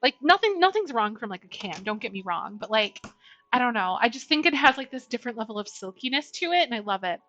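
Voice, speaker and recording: A woman's voice: a little high, expressive, fast, fairly bright tone. A woman streamer chatting casually while baking in her home kitchen, bubbly and greeting her viewers by name. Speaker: Twitch streamer. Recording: slightly dull lo-fi stream audio, faint music.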